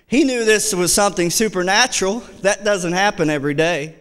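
A man's voice: high voice, fairly quick, fairly bright tone, smooth, big-room sound. A man preaching a fervent sermon as associate pastor, repeating key phrases and reading scripture aloud. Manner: reads scripture aloud in old-fashioned wording. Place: church sanctuary.

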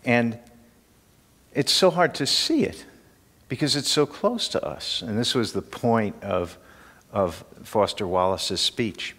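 A man's voice: mid-range voice, lively intonation, slow, fairly bright tone, long reverb tail. An older man teaching a class in an informal, conversational way, often asking questions of the room.

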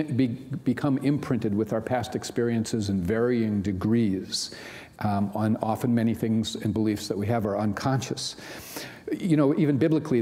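Preaching in an echoing hall, this pastor talks in a relaxed, chatty way, often adding "you know." He has a mellow, mid-range male voice.

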